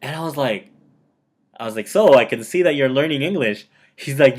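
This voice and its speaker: A man's voice: mid-range voice, lively intonation, brisk. Chatty man giving motivational advice. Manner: conversational, keeps checking in with "okay?"; chatty storyteller who quotes himself and others. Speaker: motivational video host. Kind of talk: casual motivational talk with personal stories.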